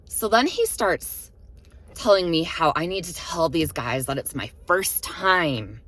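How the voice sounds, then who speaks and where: A young woman with a low voice tells a story to camera, leaning hard on her words and swearing freely. Her pitch swings widely as she retells it. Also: expressive, unhurried, a bit bright. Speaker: vlogger. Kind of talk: casual storytime monologue.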